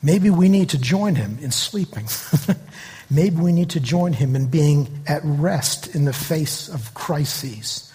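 Husky guy preaching, tells stories and does little voices for the people in them, big echoey church hall. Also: a little high, slow pace. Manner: animated storytelling, acting out quoted voices. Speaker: pastor. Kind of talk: sermon.

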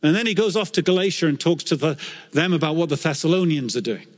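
A man preaching a sermon as a pastor, telling stories in an earnest, animated way that lifts when he quotes scripture. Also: a little high, fast talker. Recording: long hall reverb.

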